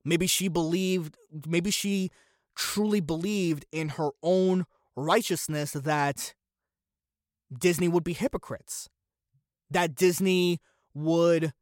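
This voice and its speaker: A man's voice: high voice, takes it slowly, no echo, clean studio sound. Sarcastic, opinionated male podcast host. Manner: opinionated, fires off rhetorical questions. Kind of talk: solo commentary podcast.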